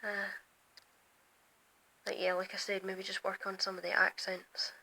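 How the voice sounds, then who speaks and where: A young woman rambling at night from her bedroom window, often slipping into quiet whispers while filming on her phone. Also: medium pitch, monotone, measured pace, a little hiss or hum, low-quality recording. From Scotland. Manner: drifts between quiet whispers and louder asides. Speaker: vlogger. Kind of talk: rambling night-time chat.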